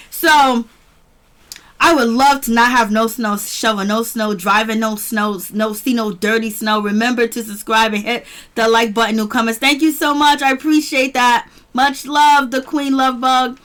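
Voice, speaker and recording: A woman's voice: a little high, steady tone, normal speed, a bit bright. A woman hosting a casual live-chat review stream. She greets viewers by name and laughs often. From near Boston, US. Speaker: livestream host reviewing a reality show.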